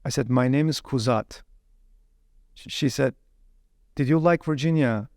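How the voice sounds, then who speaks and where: Gravelly-voiced man telling his story animatedly. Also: mid-range voice, unhurried, no echo, clean studio sound. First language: Uyghur. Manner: animated, repeats words while searching for them. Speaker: interview guest. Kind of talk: casual storytelling interview.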